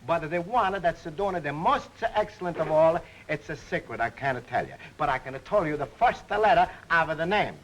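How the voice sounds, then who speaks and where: A man's voice: on the high side, animated, moderate pace, hardly any pauses, natural voice, rough recording. A man doing a jolly broken-English dialect joker. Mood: jovial. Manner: chummy, laughing, joking. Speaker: actor.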